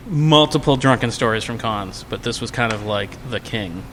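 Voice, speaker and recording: A podcast guest with a fairly low voice, speaking at a moderate pace, recounts a drunken convention story in a casual chat. He's animated and acts out the quotes in a raised voice. There's a little hiss or hum on the recording.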